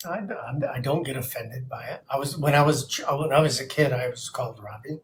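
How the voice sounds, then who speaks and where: A man's voice: mid-range voice, fairly quick, slight background noise. A man in a casual livestream group chat, laid-back and stammering a little as he starts, speaking over a video call. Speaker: livestream guest.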